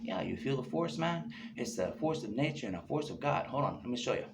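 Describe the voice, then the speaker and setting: A man's voice: medium pitch, animated, fairly quick. A man hosting a rambling, casual monologue, free-associating and peppering his talk with "you know" and "man". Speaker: host. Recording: noisy background.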